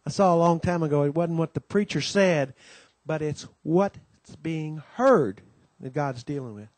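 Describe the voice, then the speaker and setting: A man with a somewhat high voice gives a folksy welcome at a Christian gathering, full of "you know"s and homespun stories. His voice sounds close and dry, with little room sound. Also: expressive, a little slow, darkish tone, no room sound. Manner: homespun storytelling, many "you know"s, acts out quoted voices. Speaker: conference host giving the welcome. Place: conference gathering.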